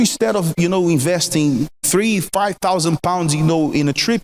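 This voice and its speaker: Fiftyish guy on a talk show, fairly high voice, earnest and persuasive, keeps asking you questions. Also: measured pace. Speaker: relationship talk show guest. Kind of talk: casual advice talk.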